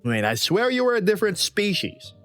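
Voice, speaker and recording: A VRChat streamer from the United States chats casually on a livestream, rambling playfully and reading chat messages aloud. His voice sits high and sing-song, fairly quick and a bit bright, with soft music in the background.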